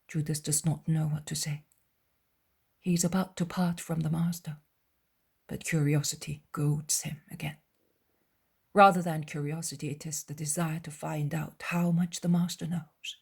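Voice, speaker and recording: A woman narrating a dramatized audiobook in a soft, hushed way. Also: low voice, flat delivery, normal speed, gravelly, slightly rough.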